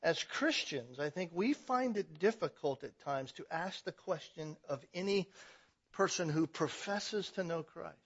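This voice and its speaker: High bright-voiced male preacher. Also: animated, measured pace, husky, muffled recording. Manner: emphatic preaching, swells to loud passionate stretches. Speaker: pastor. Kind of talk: sermon.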